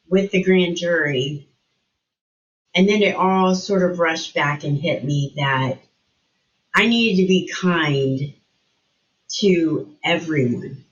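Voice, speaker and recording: A middle-aged woman being interviewed as a guest shares a personal story, acting out remembered dialogue with animated changes in her voice. Her voice sits on the low side, and the audio is dull.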